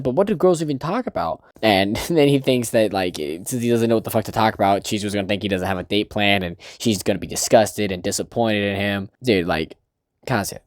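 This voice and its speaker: A man casually recapping a manga chapter, swearing freely and laughing as he reads out lines in quick put-on voices. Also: fairly low pitch, no room sound, clean studio sound. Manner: loose, profane, laughing, puts on character voices. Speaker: manga reviewer.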